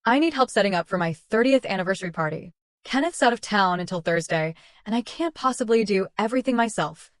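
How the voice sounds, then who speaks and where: Lady doing sweet-talking bossy mother in law, mid pitch, dry sound. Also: expressive, fairly quick, no room sound, natural voice. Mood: sugary. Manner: sugary, bossy. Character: sweetly controlling middle-aged mother-in-law.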